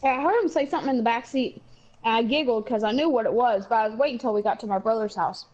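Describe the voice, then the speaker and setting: A woman's voice: on the high side, fast talker, darkish tone. A woman and mother chatting casually on a podcast, telling blunt, rambling anecdotes. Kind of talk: casual chat. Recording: dull lo-fi recording.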